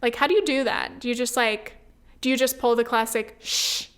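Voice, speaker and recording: A woman's voice: a little high, steady tone, brisk, smooth. A woman in her twenties hosting her own podcast, chatting casually, swearing freely and filling her talk with "like" and "um". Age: 20s. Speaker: podcast host. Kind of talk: casual solo podcast chat.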